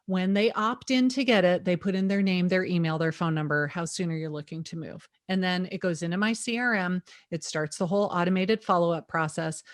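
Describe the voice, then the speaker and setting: Lively, emphatic middle-aged woman. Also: on the low side, fairly quick, hardly any pauses, no echo, clean studio sound. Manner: lively, emphatic, with sarcastic asides. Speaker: real estate agent, interview guest. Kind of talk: energetic interview talk.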